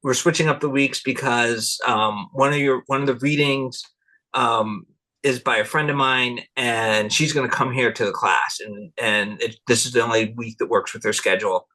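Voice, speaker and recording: A middle-aged anthropologist guest tells loose, wandering stories in a casual interview, laughing and acting out others' remarks. His medium-pitched voice is steady at normal speed, with a pushed, bright quality.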